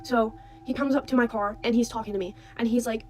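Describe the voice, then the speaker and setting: Fast-talking young woman telling a story. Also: on the high side, fairly even intonation, a little mellow, a little hiss or hum, low-quality recording. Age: young adult. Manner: urgent, chatty, keeps asking "okay?". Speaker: storyteller in a clip; university student. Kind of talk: casual storytime monologue.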